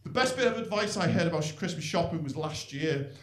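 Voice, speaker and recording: A man's voice: a little high, lively intonation, quick pace, a bit bright. A middle-aged man from St Helens with a Northern English accent, doing a dry, rambling stand-up set in a comedy club. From North West England. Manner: dry, self-deprecating, rambling delivery with frequent "really" tags. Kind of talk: live stand-up routine. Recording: echoey club with audience. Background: audience laughter.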